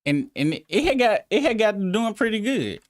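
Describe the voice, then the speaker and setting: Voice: medium pitch, very animated, moderate pace, dry recording, studio quality. A live-stream host in casual, profane, rambling chat, breaking into incredulous outbursts.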